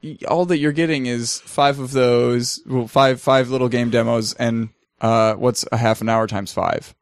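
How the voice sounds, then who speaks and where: A man's voice: medium pitch, fairly even intonation, no room sound, studio quality. Casual rambling male podcast host. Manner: rambling, halting with fillers.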